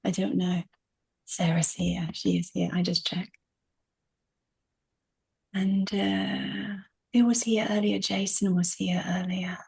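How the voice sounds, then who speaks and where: Woman on a video call, slow and gravelly with a breathy edge, affectionate and playful. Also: on the low side, level tone, a little mellow. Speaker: group participant.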